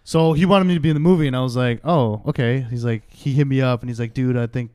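A man's voice: medium pitch, racing, clear, resonant tone, no echo, clean studio sound. Man telling a story casually. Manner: animated anecdote telling, acts out quoted dialogue. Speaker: guest.

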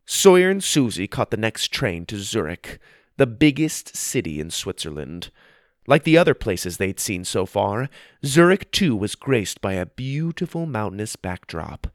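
Lively male storybook narrator. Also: fairly low pitch, dry recording, studio quality.

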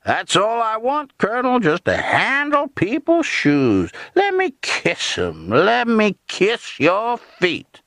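A man's voice: high voice, wildly swooping pitch, takes it slowly, few pauses, fairly bright tone, no room sound, studio quality, pitched above the performer's own voice, exaggerated voice. A man voicing a bitter shoeshine man who mocks his own servile patter in a vicious, jeering way.

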